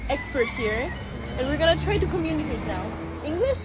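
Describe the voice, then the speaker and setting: A woman's voice: sits high, very animated, brisk, very noisy. A young woman in her twenties vlogging outdoors on a Caribbean island, curiously repeating phrases back. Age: 20s. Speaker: travel vlogger.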